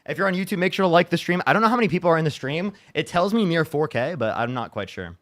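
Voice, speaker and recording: A man's voice: on the high side, expressive, quick pace, fairly bright tone. A man hosting a livestream, talking casually and frustrated, swearing and restarting his sentences. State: upset after a bad day. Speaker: livestream debate host.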